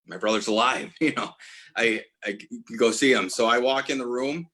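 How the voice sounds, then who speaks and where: Forties guy telling a heartfelt story, bright forceful voice, keeps restarting sentences. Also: mid-range voice, normal speed. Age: 40s. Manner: earnest, tumbling restarts and self-corrections. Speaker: guest, apparel brand owner. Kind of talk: emotional personal storytelling.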